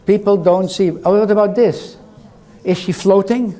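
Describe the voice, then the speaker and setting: An older man with a foreign accent leads an interactive lecture in a hall, teasing people and quizzing them as he proceeds. His high voice is mellow and steady in tone, at a normal speed.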